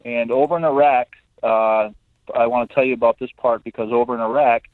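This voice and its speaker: A man's voice: mid-range voice, steady tone, brisk, no room sound. A middle-aged man, a defense lawyer, talking in a friendly and eager way as a guest on an interview show. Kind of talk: phone interview. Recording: tinny phone line.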